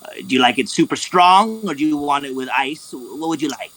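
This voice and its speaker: A man's voice: a little high, fairly bright tone, rough recording. A man voicing a cheeky male goblin waiter who teases the guests and then says he is only kidding. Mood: eager. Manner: teasing, quick to say he's kidding. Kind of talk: tabletop role-play over a voice call.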